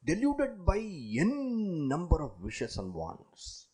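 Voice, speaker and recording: A man giving a dramatic, animated discourse on scripture as a spiritual teacher. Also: on the high side, takes it slowly, slightly rough.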